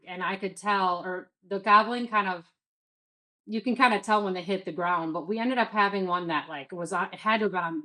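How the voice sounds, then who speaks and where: A woman's voice: mid-range voice, fairly bright tone, rough recording. A woman in her thirties from the Midwest, telling a story as a guest in a casual interview, full of "like" and quoted self-talk.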